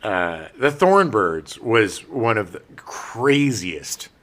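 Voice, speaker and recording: Bright, very animated man cracking jokes. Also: fairly low pitch. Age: middle-aged. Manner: jokey, quick quips and silly asides. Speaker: podcast co-host. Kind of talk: casual chat about films.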